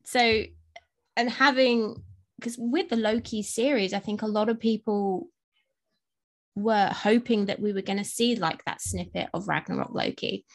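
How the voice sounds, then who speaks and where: A woman's voice: medium pitch, unhurried. A woman with an English accent co-hosting a podcast, chatting casually and rambling with many fillers and restarts. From England. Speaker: podcast co-host. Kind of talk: casual chat.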